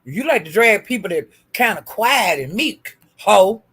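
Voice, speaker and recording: A woman's voice: medium pitch, very animated, measured pace, fairly bright tone, breathy edge. A woman hosting a live stream, taunting someone with profane, repetitive insults and calling out to her chat viewers by name. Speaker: livestream host.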